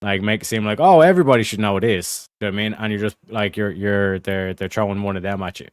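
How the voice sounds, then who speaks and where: A man's voice: on the low side, completely flat delivery, fast, a bit bright, clean tone, dry recording, clean studio sound. A man streaming casual reaction commentary, rambling and swearing, often asking "you know what I mean". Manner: profane, rambling, repeats "you know what I'm saying". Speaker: streamer reacting to a debate clip.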